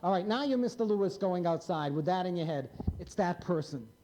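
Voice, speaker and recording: A man's voice: high-pitched, animated, brisk, a little mellow, a little hiss or hum. A man in his fifties, a psychiatrist, giving a blunt, wry lecture to a live audience and prodding them with questions. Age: 50s.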